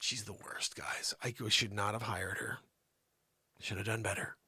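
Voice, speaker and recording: A man hosting an improvised comedy news show, talking in a mocking, animated way to an imaginary co-host. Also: fairly low pitch, measured pace, breathy edge, dry recording.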